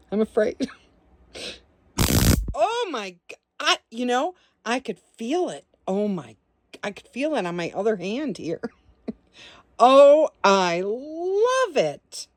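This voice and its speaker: Giggly woman vlogger, lively voice. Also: a little high, takes it slowly, long pauses. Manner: giggly, exclaims often, coos at her dog. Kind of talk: casual vlog talk.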